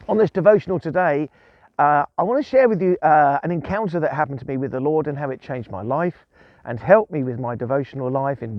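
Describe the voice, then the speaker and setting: A man's voice: fairly high pitch, no echo, dull audio. A man giving an informal outdoor devotional talk, chatty and chuckling as he tells stories. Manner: chatty, chuckling, animated storytelling. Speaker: guest preacher. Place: outdoors in the countryside.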